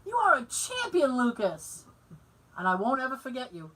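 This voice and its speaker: A woman co-hosting a podcast in loose, animated chat. Her voice is high and swoops widely. She swears freely and laughs easily. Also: moderate pace, very noisy. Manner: animated, laughs often, acts out quoted voices, swears casually. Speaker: podcast co-host. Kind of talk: casual chat, storytelling.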